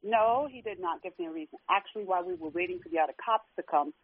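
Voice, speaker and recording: A woman's voice: fairly low pitch, quick pace, a little hiss or hum. A middle-aged woman calling in to a talk show, telling her own story in an earnest, emotional way. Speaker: guest caller. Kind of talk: personal account on a talk show. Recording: tinny dry phone line.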